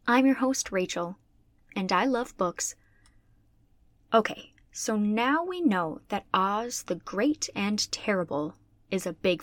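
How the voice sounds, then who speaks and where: A woman podcast host reading a classic children's book aloud in an even narrating manner. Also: medium pitch, no room sound. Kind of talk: storybook read-aloud.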